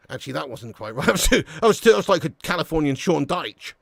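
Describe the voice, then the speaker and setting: Watch-along host, high voice, dry close sound, excitable. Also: male voice, quick pace, creaky, hardly any pauses, no room sound. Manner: chatty, jokey, excitable. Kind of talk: live match commentary.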